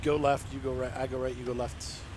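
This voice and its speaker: A man hosting a casual gameplay session with a friend, jokey and quick to laugh, sometimes breaking into a line of song. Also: medium pitch, little pitch movement, noisy background. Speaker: gaming channel host.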